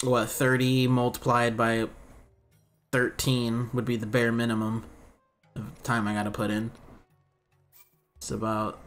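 A young man talks casually over his gameplay at a middle pitch. He rambles, thinks out loud and pokes fun at his own mistakes, with faint music underneath. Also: monotone, measured pace, pauses often. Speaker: let's play commentator.

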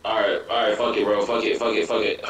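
A man's voice: fairly low pitch, flat delivery, fast, recorded from a distance, faint music behind. Jittery man reacting in an echoey room. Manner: anxious, swearing, keeps saying bro. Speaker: reaction video host. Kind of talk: casual reaction commentary.

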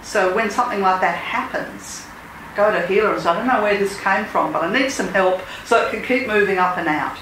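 A woman's voice: mid-range voice, brisk, hardly any pauses, a bit bright. Woman spiritual teacher, earnest and emphatic, recorded at a distance in an echoey room. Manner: earnest, emphatic, leads chants. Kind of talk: casual talk and call-and-response mantra chanting. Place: lodge meeting room. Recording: echoey room, speaker far from mic, noisy.

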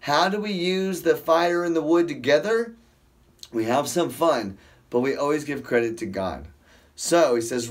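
A man's voice: a little high, moderate pace. A man hosting a casual Bible study, reading scripture aloud and breaking off into rambling, self-interrupting asides.

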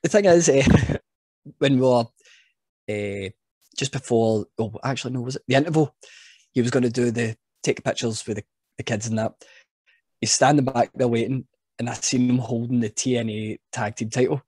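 A man's voice: mid-range voice, normal speed, breathy edge, dry recording, studio quality. A man, a wrestling referee guest, telling stories in a casual chat and laughing at himself. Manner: animated storyteller, laughs at himself.

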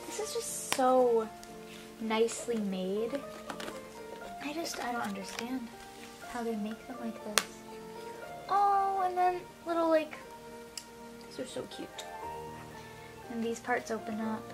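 A young woman vlogging an unboxing, gasping and gushing with delight, often trailing off softly. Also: on the high side, lively intonation, unhurried, long pauses, music in the background. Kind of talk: unboxing vlog.

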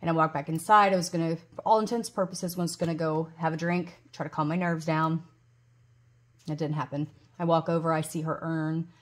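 A woman's voice: deep voice, steady tone, a little fast. A woman in her forties chatting casually to her vlog audience, rambling with lots of ums and restarts, and gushing over gifts. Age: 40s. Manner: gushes loudly over gifts. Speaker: budgeting vlogger.

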